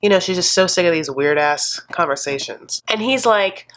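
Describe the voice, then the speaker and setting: A woman's voice: on the low side, expressive, moderate pace, a bit bright. A woman doing a casual, sassy recap of a reality show to camera, laughing often and calling her viewers honey. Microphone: desk condenser mic.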